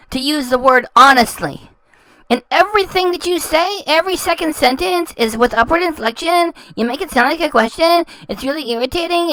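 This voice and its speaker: A woman's voice: high-pitched, fairly bright tone, no echo, low-quality recording. A woman hosting a reaction channel, talking over clips in a scornful, insulting way and often stumbling and repeating words. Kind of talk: mocking commentary over clips.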